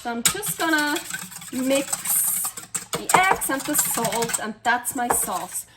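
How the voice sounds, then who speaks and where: Unhurried, chatty woman. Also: sits high, expressive, very noisy. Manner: chatty and enthusiastic, thinking aloud. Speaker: cooking channel host. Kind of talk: casual cooking vlog.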